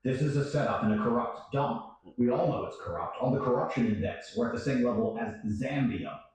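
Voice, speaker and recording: A man telling a story in casual chat, profane and animated, acting out other people's lines. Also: mid-range voice, a little fast. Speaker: guest storyteller. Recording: echoey room, distant mic.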